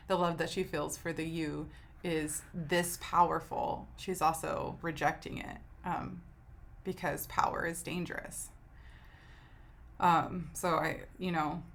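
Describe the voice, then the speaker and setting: A woman teaching a poetry lesson in a relaxed, conversational way, thinking aloud and often checking in with her listeners. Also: low voice, vocal fry. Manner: thinks aloud with frequent "um" and restarts. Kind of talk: informal video lecture.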